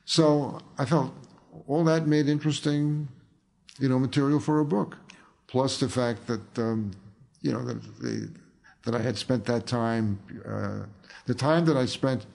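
A man's voice: medium pitch, unhurried, creaky, a little mellow. An older man, an author and filmmaker, telling rambling anecdotes in a casual interview, full of fillers and restarts.

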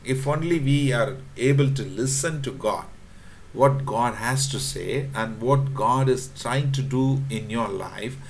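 Man preaching a halting sermon. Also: mid-range voice, creaky, a little hiss or hum. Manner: halting, repeats words, frequent fillers, quotes scripture; addresses congregation directly.

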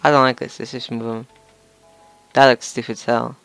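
A man's voice: medium pitch, level tone, normal speed, vocal fry, a bit bright, clear, resonant tone, dry recording, faint music behind. A young man with a slight cough, casually chatting and swearing as he plays and talks to his viewers. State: slight cough, throat sore. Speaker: gaming channel host. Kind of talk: let's play game commentary.

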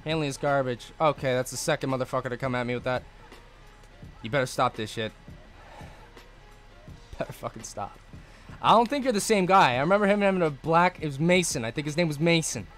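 A man streaming live gameplay and answering his chat, cursing often and swinging between low mutters and angry outbursts. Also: lively intonation, fairly quick, pauses often, fairly bright tone, soft background music. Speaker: gaming streamer.

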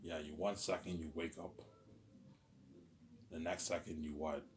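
Low-voiced man, intense rambling solo talk, repetitive, trails off quietly, faint hiss behind. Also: level tone, a little slow. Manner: intense, swearing. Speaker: vlogger.

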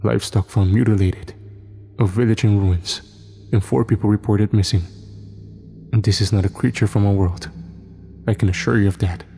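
A man's voice: on the low side, fairly even intonation, moderate pace, vocal fry, pauses often, dark tone, faint music behind. Mister Adebayo, a suave, secretive employer, as a man voices him. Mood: smooth, secretive. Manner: courteous, well-spoken, teasing. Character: eccentric, polished, secretive male employer.

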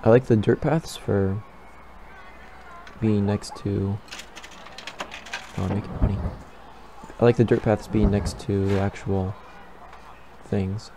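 A man's voice: on the low side, fairly even intonation, slow pace, long pauses, background noise. A young man giving casual let's-play commentary, rambling and thinking aloud as he builds. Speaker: gaming YouTuber.

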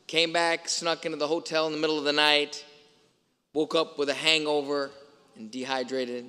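Bright-voiced priest in a reverberant church. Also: male voice, fairly high pitch, flat delivery, normal speed, clear, resonant tone. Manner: storytelling, emphatic rhetorical questions. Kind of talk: sermon. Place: large church.

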